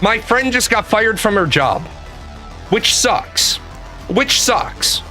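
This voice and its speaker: A man's voice: sits high, sing-song, slow, bright, forceful tone, soft background music. A man telling a profane, exasperated story about an argument over a missed appointment, acting out both sides of the phone calls. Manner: exasperated, swears a lot, acts out phone calls. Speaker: podcast host.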